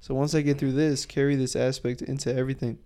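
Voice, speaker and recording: A man tells a story on his podcast, swearing freely and throwing his voice into the quotes he acts out. His tone is mellow and his voice is smooth. He talks casually, like he is chatting with a friend. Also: mid-range voice, fast talker. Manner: profane, animated storyteller who acts out quotes loudly. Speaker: podcast co-host.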